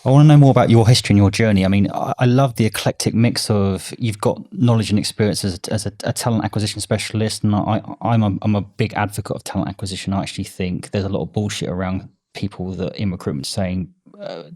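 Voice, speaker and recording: A man's voice: on the low side, fast, hardly any pauses, a little mellow. A man hosting a podcast interview, talking enthusiastically and with strong opinions, often restarting his sentences. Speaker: podcast host. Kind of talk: casual interview chat.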